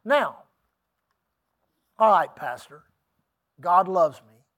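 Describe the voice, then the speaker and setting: A man's voice: high-pitched, lively intonation, very slow, a bit bright. A middle-aged man preaching a sermon, telling a personal story in a folksy, emphatic way with asides to the congregation. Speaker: pastor.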